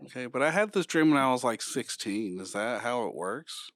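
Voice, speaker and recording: A man's voice: mid-range voice, normal speed, no room sound, studio quality. A man co-hosting a podcast, telling stories in a casual, playful and giggly way. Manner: playful and giggly, relaxed storytelling. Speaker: podcast co-host. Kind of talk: casual chat.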